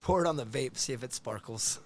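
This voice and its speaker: A man's voice: mid-range voice, fairly quick, slight background noise. Laid-back male podcast co-host. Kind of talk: casual podcast banter.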